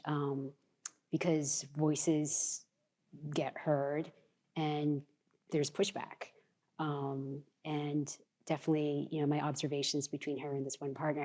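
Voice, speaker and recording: A woman's voice: low-pitched, darkish tone. A woman in her forties, an alumni panelist, recounting what she has observed in a thoughtful, hesitant way with many fillers. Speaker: alumni panelist, immigration attorney. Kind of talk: casual panel talk.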